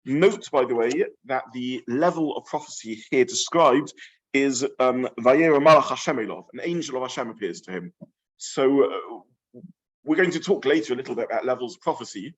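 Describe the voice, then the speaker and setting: A man, a rabbi teaching a weekly Torah class to a live group in a study room, talking thoughtfully and haltingly with many fillers and restarts. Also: medium pitch, animated. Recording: slightly dull lo-fi room recording.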